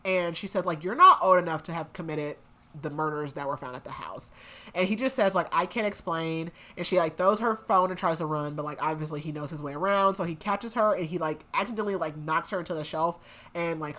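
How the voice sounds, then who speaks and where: A woman's voice: sits low, a little fast, bright, forceful tone. Chatty young woman recapping a book plot. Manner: chatty, lots of "like" and "um", acts out quotes. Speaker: book podcast co-host.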